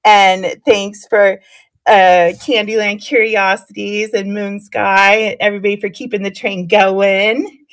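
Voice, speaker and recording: A woman's voice: mid-range voice, flat delivery, unhurried. Woman, live streamer, chatty, storytelling, laughs a lot. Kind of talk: casual chat with live viewers.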